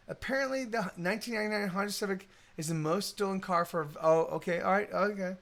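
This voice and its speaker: Rambling high-voiced man, swearing. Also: fast talker, few pauses, fairly bright tone. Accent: Texan. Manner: rambling, swears a lot, many restarts and fillers. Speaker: musician streaming live. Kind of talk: casual live-stream chat.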